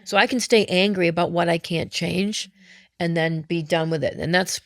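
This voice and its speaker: A woman's voice: lowish voice, fairly even intonation, normal speed, a bit bright, no room sound, studio quality. A middle-aged woman, a mother, talking earnestly and reflectively as an interview guest. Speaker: guest, mother of an autistic daughter. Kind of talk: candid interview talk.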